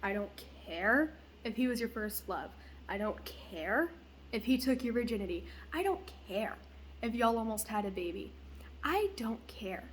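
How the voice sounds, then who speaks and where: Young woman vlogger, slightly high voice, blunt and profane rant. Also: expressive, measured pace, slight background noise. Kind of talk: casual venting vlog.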